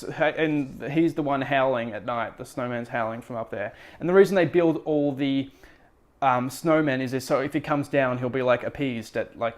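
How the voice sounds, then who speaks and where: A man hosting a podcast, recapping a book in a casual, rambling way, full of fillers and wry asides. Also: medium pitch. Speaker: podcast host.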